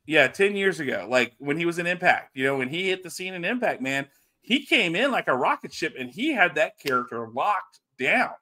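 A man from South Louisiana, co-hosting a casual wrestling podcast, animated and chatty. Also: fairly high pitch, brisk. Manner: animated, drops into mock Cajun voices. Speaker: podcast co-host.

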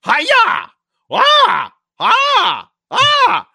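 A man playing a shrill panicky hippie singer. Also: big pitch swings, moderate pace, pushed and bright, no echo, studio quality. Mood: shrieking. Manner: shrill, wailing cries.

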